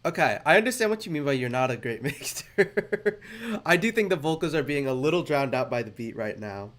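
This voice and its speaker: A man's voice: on the high side, lively intonation, fairly quick, fairly bright tone. A man casually commenting on videos in a rambling, hesitant way, laughing often, with music playing behind him. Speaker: reaction video host.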